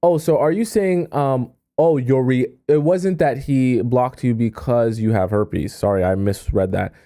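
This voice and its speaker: Warm-toned man hosting a live stream. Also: medium pitch. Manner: quick, animated and sarcastic, reading viewer questions aloud and reacting. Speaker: dating coach, live stream host. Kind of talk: casual live stream chat.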